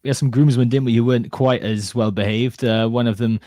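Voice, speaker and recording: A man's voice: mid-range voice, steady tone, a little fast, warm tone, dry recording, clean studio sound. A man from West Wales with a Welsh accent, hosting a casual podcast with lots of teasing and laughter. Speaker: podcast host. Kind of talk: casual chat.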